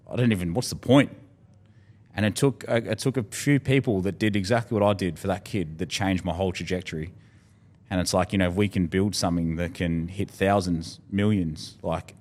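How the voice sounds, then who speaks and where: A man's voice: deep voice, darkish tone. An Australian man speaking as a podcast guest in casual conversation, candid and heartfelt, swearing freely.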